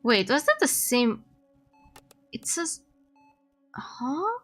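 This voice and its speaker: A woman's voice: high voice, big pitch swings, extremely slow, fairly bright tone, faint music behind. A woman streamer playing a game, reading its text aloud and reacting as she goes. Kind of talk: casual game commentary.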